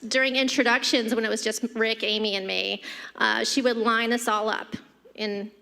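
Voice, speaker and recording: A woman's voice: fairly high pitch, steady tone, normal speed, vocal fry. A middle-aged woman giving a humorous eulogy for her mother, telling family anecdotes with light laughter at a church podium. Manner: warm anecdotal delivery, laughing between stories. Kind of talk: humorous memorial storytelling. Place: church sanctuary. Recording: long church reverb.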